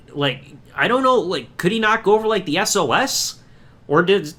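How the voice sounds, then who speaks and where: Animated ranting male podcast host. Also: sits high. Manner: animated, ranting, mocking voices. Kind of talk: casual review commentary.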